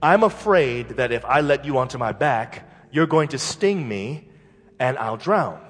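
A man's voice: medium pitch, expressive, measured pace, slightly rough. A man voicing a good-natured but wary male frog from a fable, talking hesitantly, in a hall with long reverb. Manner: hesitant, reluctant.

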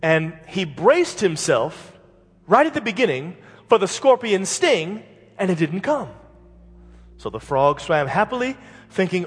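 A male pastor delivers a sermon, animated and fervent, sometimes pushing to loud peaks. His voice is husky and swings widely in pitch. The sound carries the long reverb of a church hall. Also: a little slow. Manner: animated, building to shouted climaxes.

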